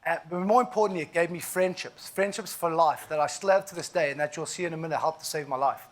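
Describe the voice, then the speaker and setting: A man's voice: a little high, fast. South African man telling his story on stage. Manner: vivid, emphatic storytelling with frequent asides. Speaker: keynote speaker. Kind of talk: inspirational keynote storytelling.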